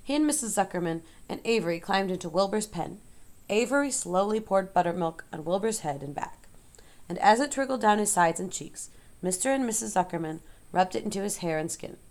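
A woman narrating a storybook aloud in a measured, expressive way. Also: medium pitch.

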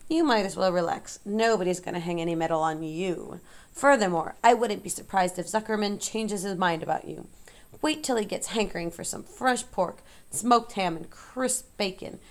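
A woman reading a storybook, voicing a greedy, boastful male rat with a slow, gloating drawl. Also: mid-range voice, close to an everyday voice.

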